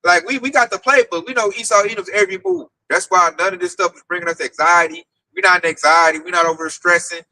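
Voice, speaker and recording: Animated street preacher, high bright voice. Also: male voice, fast talker, few pauses, no echo, low-quality recording. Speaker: teacher leading a group discussion. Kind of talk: casual preaching to an online audience.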